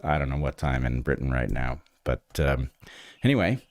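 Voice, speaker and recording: A man's voice: very deep voice, animated, moderate pace, no echo, studio quality. A man co-hosting a podcast, chatting casually in a rambling, self-deprecating way, jet-lagged and a bit discombobulated. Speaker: podcast co-host. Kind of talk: casual chat.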